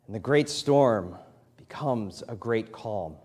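A man in his thirties preaches slowly and expressively, his voice on the low side, a little mellow and edged with breath. The pastor talks conversationally in a church sanctuary, then rises to emphatic lines, while long hall reverb lingers around him.

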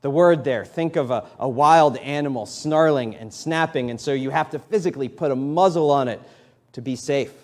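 In a church sanctuary, a man in his thirties delivers a sermon at a moderate pace, his voice medium in pitch and darkish in tone. The pastor speaks conversationally before climbing into emphatic, rising phrases, with a long hall reverb filling the recording.

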